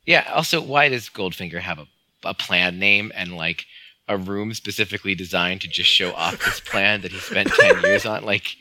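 Deep-voiced man, very bright edge, rambling amused podcast co-host, dry close mic. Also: big pitch swings, normal speed, rough recording. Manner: rambling, many fillers, amused. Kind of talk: casual film discussion.

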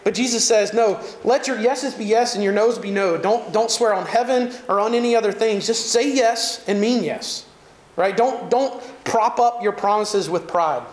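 A man with a Southern American accent preaching a sermon, animated and conversational, with jokes and asides to the congregation. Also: sits high, moderate pace, roomy sound. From Southern United States. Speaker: pastor.

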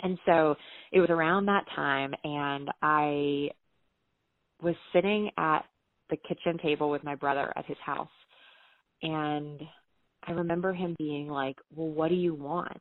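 A woman's voice: sits low, measured pace, pauses often, no room sound. A woman from the American South, a writer telling stories from her career in casual conversation and acting out quoted dialogue. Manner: animated, acts out quoted dialogue. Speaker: guest writer. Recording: tinny phone-like line.

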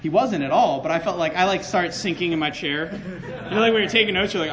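Young male preacher, high voice, passionate testimony with stumbling restarts, swings from loud to quiet. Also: animated, fast talker, low-quality recording. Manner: impassioned, stammering restarts, swings from loud to hushed. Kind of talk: sermon testimony.

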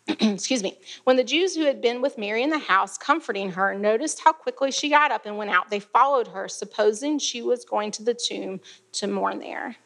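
A woman's voice: a little high, moderate pace, fairly bright tone. A woman teaching a Bible passage in a chatty, casual way, laughing and using frequent fillers.

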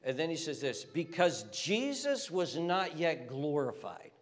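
A man preaches a sermon in earnest, often restarting his phrases and climbing higher when he drives a point home. His voice sits fairly high. A long reverb trails each phrase, as in a large church hall. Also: very animated, measured pace. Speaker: pastor.

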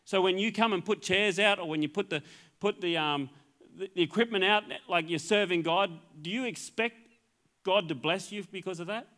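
A man's voice: sits high, normal speed, a bit bright. An Australian man, a middle-aged pastor, preaching a sermon in an earnest way, often repeating words and restarting phrases. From Queensland, Australia.

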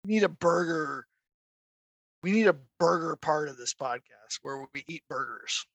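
Male podcast guest, animated storyteller, bright and dry. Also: fairly high pitch, moderate pace, no echo. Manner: animated storyteller, imitates barking dogs. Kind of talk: casual chat.

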